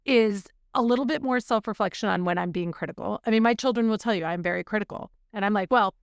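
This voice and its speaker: A woman's voice: mid-range voice, quick pace, vocal fry, smooth, no room sound, studio quality. A woman co-hosting a podcast, talking candidly and reflectively in a casual chat. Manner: candid, reflective, openly emotional. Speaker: podcast co-host.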